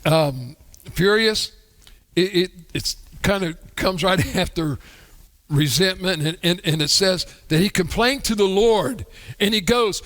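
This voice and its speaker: A man's voice: high-pitched, unhurried, a bit bright. A male pastor delivering a humorous sermon in a church, acting out the voices he quotes. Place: church sanctuary. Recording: long church hall reverb.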